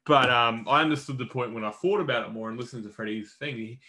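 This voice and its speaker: A man's voice: medium pitch, fast talker, pushed and bright. A young Australian man co-hosting a podcast, chatting casually and bluntly about sport, with a bit of swearing and lots of restarts. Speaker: podcast co-host.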